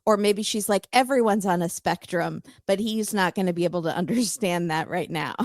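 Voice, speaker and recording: A woman with a slightly low voice joins a podcast chat and works through her opinions aloud, full of hedges and little fillers. Her voice sits close and dry on the mic. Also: normal speed, dry recording. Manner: thinks aloud, hedging with fillers and tentative takes. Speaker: podcast guest. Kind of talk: casual chat.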